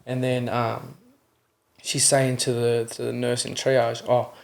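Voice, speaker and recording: Gravelly young Australian man, earnest storyteller. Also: mid-range voice, monotone, slow pace. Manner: earnest, keeps adding "you know what I mean"; acts out the voices in his retellings. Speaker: podcast guest. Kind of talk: candid interview storytelling.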